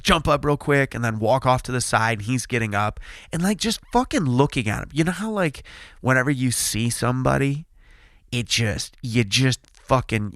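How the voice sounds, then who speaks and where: Animated, profane man retelling a crash. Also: mid-range voice, no room sound, studio quality. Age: 30s. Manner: animated, profane, acts out quotes; loud, excited retelling. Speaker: podcast host. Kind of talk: casual storytelling.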